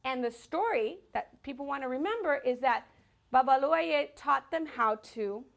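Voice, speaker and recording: A woman's voice: sits high, animated, moderate pace, vocal fry. A woman teaching a dance class to young children, talking energetically and counting the rhythm aloud.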